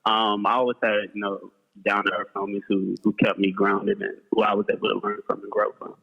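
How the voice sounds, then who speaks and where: A man calling in remotely as a guest, talking casually in halting bursts with shout-outs. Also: fairly low pitch, little pitch movement, gravelly, muffled recording. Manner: halting, many fillers and restarts, shout-outs. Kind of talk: casual chat. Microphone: remote call.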